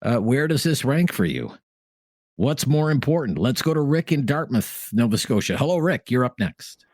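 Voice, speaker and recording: A man hosting a radio call-in show, briskly steering callers with short acknowledgments. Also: medium pitch, sing-song, darkish tone, no echo, clean studio sound. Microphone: studio microphone.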